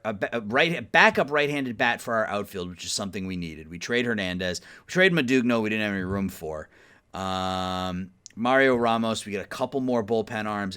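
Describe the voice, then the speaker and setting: A fairly low, sharp, clear and resonant male voice belongs to a gaming YouTuber doing easygoing commentary on a baseball management game. He thinks aloud while managing his team, drowsy and yawning now and then, muttering trade talk toward the game's teams.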